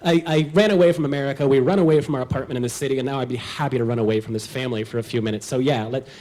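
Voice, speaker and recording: A man's voice: mid-range voice, very fast, a little mellow. A man telling a personal story at a live storytelling show, wry, comic and self-deprecating.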